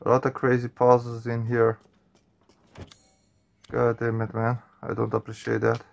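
A man with a gravelly, mid-range voice talks his viewers through a horror game. He sounds nervous and on edge, swearing often and tacking man and guys onto his lines as he reacts. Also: medium pitch, completely flat delivery, measured pace, lo-fi sound. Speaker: gaming channel host.

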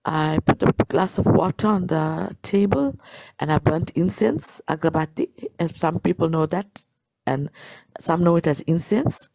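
Husky gravelly woman giving a testimony. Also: deep voice, measured pace, dark tone, dry recording, low-quality recording. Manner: earnest, repetitive emphasis. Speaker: guest sharing a testimony. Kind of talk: emotional personal testimony.

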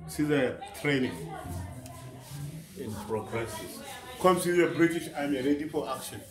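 A man's voice: fairly high pitch, measured pace, crowd noise. A man leading a guided museum tour in broken English, often checking whether his listener understands. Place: indoor museum galleries.

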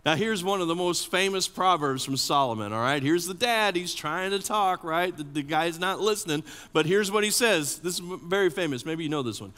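A man preaching a sermon as an associate pastor, animated and often asking the congregation questions. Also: a little high, normal speed, hardly any pauses. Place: church sanctuary. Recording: long church reverb.

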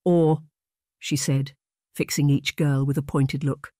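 A steady, even audiobook narrator reading a period romance. The voice sits in a middle register, and the recording is close and dry with no room sound. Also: mid-range voice, a little slow, dry recording. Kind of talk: scripted narration.

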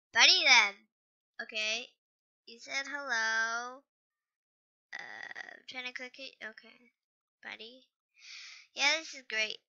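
Slow, bright-voiced woman commenting on gameplay. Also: fairly high pitch, smooth, lo-fi sound. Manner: rambling, hesitant, apologetic asides. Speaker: gaming channel host.

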